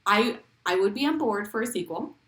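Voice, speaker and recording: A woman co-hosting a podcast, chatting casually, excitable and swearing freely. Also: mid-range voice, brisk. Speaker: podcast co-host. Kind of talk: casual chat. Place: Las Vegas.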